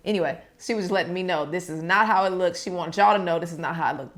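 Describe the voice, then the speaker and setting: A woman's voice: lowish voice, quick pace, hardly any pauses, a little hiss or hum. Chatty woman vlogger eating on camera. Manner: chatty, talks straight to viewers; eats while talking. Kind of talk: casual mukbang chat.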